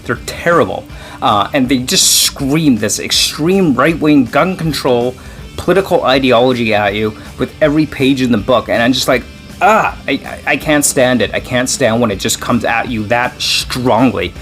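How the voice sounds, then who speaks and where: A man hosting his own book vlog, talking casually and rambling with sudden animated outbursts. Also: mid-range voice, normal speed, faint music behind. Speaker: book vlogger host.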